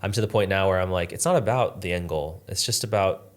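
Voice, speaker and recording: A man's voice: low voice, quick pace. A man as a podcast guest, earnestly telling a personal story in a reflective, casual way, with lots of "like". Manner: earnest, reflective, uses "like" often.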